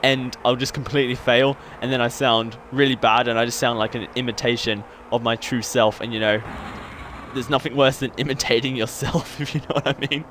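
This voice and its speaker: This gaming YouTuber is a young man from Australia whose accent has partly worn down from living in the UK. He speaks fairly quickly in a mid-range, slightly bright voice with flat delivery, rambling through hyper, self-mocking gameplay commentary full of laughter. A little hiss or hum is audible.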